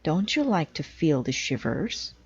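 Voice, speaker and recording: A woman gives voice to a kindly male frog from a storybook, patient and gentle. He speaks low and slow, with a breathy edge, and the sound is dull and lo-fi. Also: very animated, full character voice. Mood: teasing. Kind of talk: storybook read-aloud.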